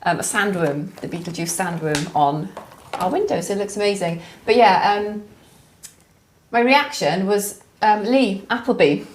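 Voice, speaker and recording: Een Britse vrouw die vrolijk en losjes een verhaal vertelt. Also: female voice, mid-range voice, unhurried, a little hiss or hum. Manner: chatty, laughs easily. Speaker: co-host of a jewellery livestream. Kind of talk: casual livestream chat.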